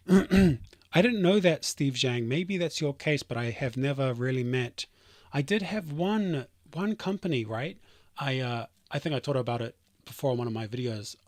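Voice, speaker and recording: A man's voice: mid-range voice, no room sound, studio quality. Rambling man chatting on a livestream. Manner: rambling, reading chat aloud, dismissive asides. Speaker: streamer and software developer. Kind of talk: casual livestream chat.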